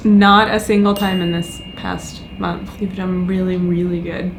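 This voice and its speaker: A woman from the American South chatting casually and candidly with her husband, gentle and quick to laugh, with faint outdoor noise behind. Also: lowish voice, flat delivery, low-quality recording. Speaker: vlogger's wife. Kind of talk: casual chat.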